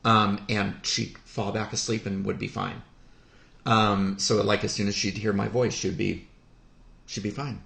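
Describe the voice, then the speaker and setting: Man, slow unhurried delivery, heartfelt, halting with lots of pauses, echoey room. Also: fairly low pitch, flat delivery, vocal fry, a bit bright. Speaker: guest telling a personal story. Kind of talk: podcast conversation. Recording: roomy echo.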